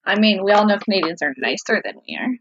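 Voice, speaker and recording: A woman's voice: mid-range voice, expressive, fast, vocal fry, crowd noise. A woman co-hosting a casual podcast, teasing her co-host with dry wisecracks. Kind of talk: casual chat. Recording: dull lo-fi sound.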